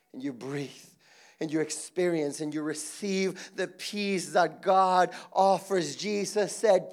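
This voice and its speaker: A middle-aged man from Mexico preaching a sermon, swinging between soft intimate moments and loud emphatic passages, his voice going hoarse. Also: a little high, slow pace. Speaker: pastor.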